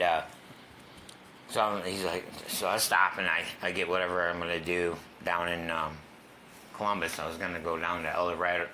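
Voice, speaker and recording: A man's voice: deep voice, pushed and bright, a little hiss or hum. A man candidly telling his own story in a casual, profane way, sometimes dropping to a whisper. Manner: casual, profane, drops to a whisper at tense moments. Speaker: guest sharing his recovery story.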